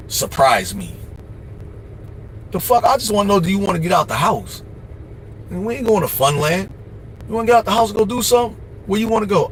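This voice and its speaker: A man hosting a livestream, giving casual life advice in a blunt, profane, preachy way, often mimicking other people in quick asides. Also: high-pitched, fairly bright tone, a little hiss or hum. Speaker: livestream host.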